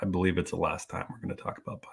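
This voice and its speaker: A man co-hosting a casual sports podcast, laid-back and quick to laugh. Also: deep voice, level tone, vocal fry, a little hiss or hum. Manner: laid-back, laughs often, talks in restarts. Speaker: podcast co-host. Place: studio, live stream.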